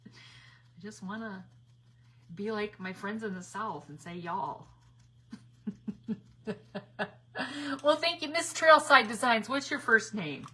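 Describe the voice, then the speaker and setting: A woman's voice: mid-range voice, slow, pauses often, fairly bright tone, slightly rough. A woman hosting a live craft stream, chatting casually while she paints, greeting viewers by name and laughing often. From northern United States. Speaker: craft livestream host.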